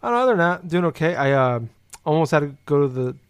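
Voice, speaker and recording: A man's voice: fairly high pitch, very animated, quick pace, clear, resonant tone. A young man in casual chat, telling a rambling story that is full of "like" and swearing. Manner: rambling, heavy use of "like", swears freely.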